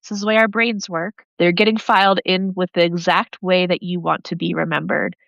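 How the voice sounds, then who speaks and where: A woman with an East Coast accent, a guest coach giving quick, animated advice in a casual interview. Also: fairly low pitch, vocal fry, dry recording, lo-fi sound. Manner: energetic, animated hand-talker, gives advice in quick bursts. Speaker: podcast guest, networking coach.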